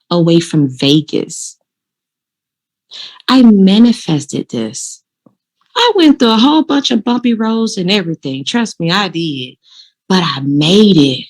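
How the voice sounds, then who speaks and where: A woman speaks to her viewers in a casual, motivational vlog, telling her story with animation and plain, direct talk. Her voice sits a little low for a woman. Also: darkish tone. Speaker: vlogger giving law of attraction tips.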